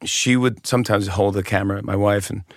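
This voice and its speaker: A man, a comedian guest on a podcast, chatting casually and telling lively stories that break into laughter. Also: on the low side, fairly quick, no room sound, clean studio sound. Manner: lively storyteller, bursts of laughter. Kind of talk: casual chat.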